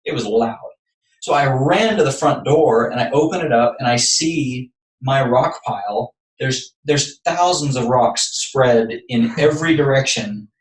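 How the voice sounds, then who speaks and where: A man's voice: medium pitch, recorded from a distance. A man from Texas, a podcast guest, earnestly telling a personal story step by step. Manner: earnest, building up anecdotes step by step. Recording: echoey room, voice off-mic.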